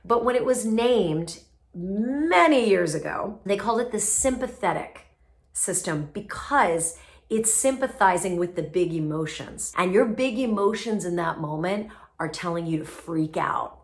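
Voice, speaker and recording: A woman speaking coach giving lively, emphatic advice straight to camera, with playful asides. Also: mid-range voice, moderate pace. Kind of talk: casual advice video to camera.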